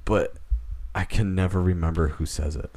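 A man co-hosting a podcast, chatting casually in a joking, animated way. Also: sits low. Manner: animated, joking, quick to laugh. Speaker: podcast co-host. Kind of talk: casual chat.

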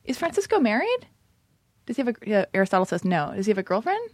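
A woman in casual chat, bubbly and teasing, quick with jokes. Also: medium pitch, sing-song, a little mellow, no room sound, clean studio sound. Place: Los Angeles.

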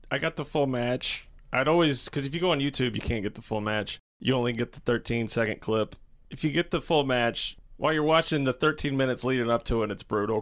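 Male podcast co-host, mid-pitched, emphatic and profane storyteller. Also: fairly bright tone. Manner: emphatic, profane, vivid retelling. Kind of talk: casual podcast chat.

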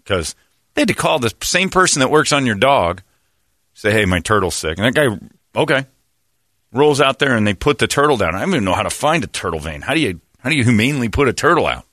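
A middle-aged man rattles through casual talk radio banter fast, swearing, swinging his pitch and laughing at his own lines in animated rants. The audio is dry and studio quality.

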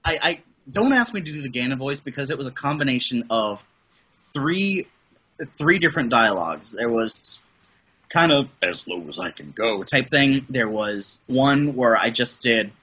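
In a relaxed podcast interview, a middle-aged Midwestern man who produces voice and audio rambles with enthusiasm and frequent restarts. His medium-pitched voice is animated, normal in speed, sharp and slightly rough, with the highs cut off.

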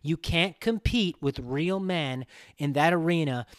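A man's voice: fairly high pitch, measured pace, clean tone, no echo. A man hosting a podcast, talking bluntly in a profane, ranting casual chat. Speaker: podcast host.

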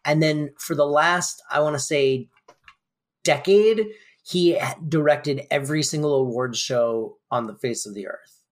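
A man's voice: a little high, a little slow. A man co-hosting a podcast, casually recapping a sitcom episode in a loose, rambling way. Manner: loose and rambling, lots of fillers like "like" and "um". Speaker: podcast co-host.

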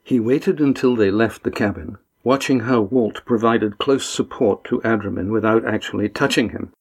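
A man narrating an audiobook in a calm, even storytelling manner. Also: fairly low pitch, normal speed, breathy edge. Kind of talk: scripted narration.

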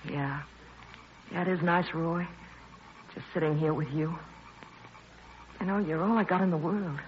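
An actress playing a gangster's devoted companion, soft and anxious, in 1940s radio acting. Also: female voice, lowish voice, steady tone, measured pace, natural voice. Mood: worried fond. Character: devoted young woman, gangster's loyal companion. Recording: dull old radio recording with faint hiss.

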